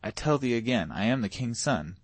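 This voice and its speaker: A man reading a storybook voicing a calm, proud boy prince in formal archaic speech. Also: mid-range voice, fairly quick, dry recording. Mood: gentle dignity.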